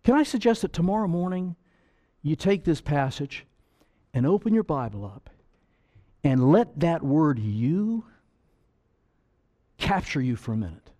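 Animated, high-pitched preacher. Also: male voice, moderate pace. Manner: pleading, emphatic, rhetorical questions. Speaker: pastor. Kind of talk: sermon.

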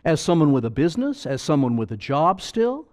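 A man's voice: a little high, big pitch swings, a little fast, a little mellow. A man preaching a sermon as pastor, emphatic and pleading, full of rhetorical questions.

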